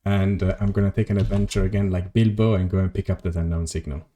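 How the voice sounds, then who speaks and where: A man's voice: low voice, level tone, quick pace, mellow. A man streaming a video game, rambling casually to his chat and swearing at mishaps. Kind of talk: casual gameplay commentary.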